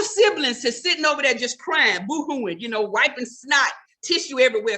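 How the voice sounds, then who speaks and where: A woman's voice: sits high, lively intonation, moderate pace, hardly any pauses, sharp tone. A middle-aged woman doing a stand-up comedy routine, scolding the audience in a sassy, conversational way.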